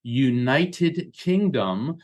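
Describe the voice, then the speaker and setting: Man, interview guest, mid-pitched, storytelling, animated asides. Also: extremely slow. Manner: animated storyteller, acts out voices in quotes. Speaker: guest, medium and lecturer. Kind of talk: casual conversation.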